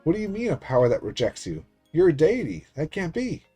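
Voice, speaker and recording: Man voicing a desperate little girl, high-pitched, bossy, swooping pitch, soft husky tone. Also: huge pitch swings, brisk, faint music behind, full character voice. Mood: frantic, demanding. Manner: pleading, shouting into the dark. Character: small shrine girl, desperate and demanding.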